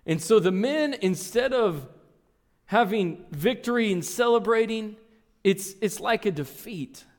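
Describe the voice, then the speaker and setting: A pastor preaching a sermon, telling a story earnestly and reading scripture aloud. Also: male voice, high voice, expressive, unhurried. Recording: long reverb in a large hall.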